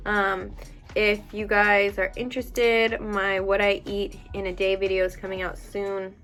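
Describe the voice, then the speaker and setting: A young adult woman vlogger chatting casually as she answers viewer questions, blunt and animated, with plenty of "um" and "like" fillers. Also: mid-range voice, a little slow, faint music behind. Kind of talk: casual chat.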